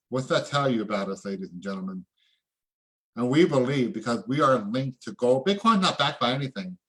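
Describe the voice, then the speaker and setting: A man presenting at a live online event, excitable and preachy, calling on viewers to answer in the chat. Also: mid-range voice. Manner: excitable, preachy, calls for audience responses.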